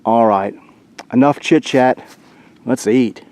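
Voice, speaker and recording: A man's voice: mid-range voice, slow. Man, outdoor vlogger, easygoing chat to camera, recorded on a camcorder outdoors. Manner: relaxed, chatty, talks to the camera. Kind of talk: casual solo vlog. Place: outdoors in winter woods by a creek. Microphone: handheld camcorder mic.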